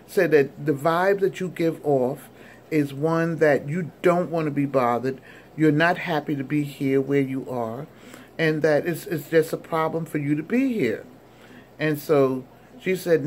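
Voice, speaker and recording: A woman in her sixties telling a personal story in a chatty, animated vlog, with many fillers. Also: sits low, unhurried, a little hiss or hum. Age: 60s. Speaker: vlogger.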